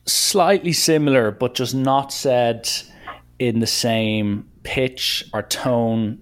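A young Irish man hosting a podcast, chatting casually and pausing often to search for words. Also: mid-range voice. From Ireland. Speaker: podcast host. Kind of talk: casual chat.

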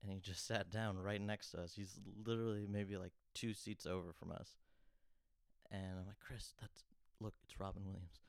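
A young man with a low, gravelly voice recounts a story in a loose, chatty way, leaning on "like" and "you know." His tone stays flat and smooth. The sound is dry and close. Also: normal speed, dry recording. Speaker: comedian guest telling a story. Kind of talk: casual storytelling.

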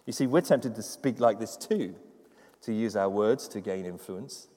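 A man, preaching a sermon as pastor, moving from quiet reflective passages to loud, fervent exhortation. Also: on the low side, normal speed, big-room sound. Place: church.

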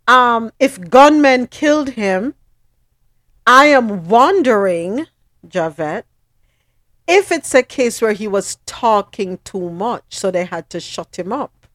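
A woman's voice: on the high side, expressive, slow, a bit bright, no echo, studio quality. A woman hosting a news recap show, reading headlines and then commenting in a chatty way. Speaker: host.

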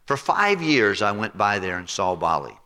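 Pastor guy telling a story from the pulpit, animated and chatty, bright tone, echoey church. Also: lowish voice, normal speed. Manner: animated, conversational anecdote with repetitions. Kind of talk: storytelling sermon. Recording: reverberant hall.

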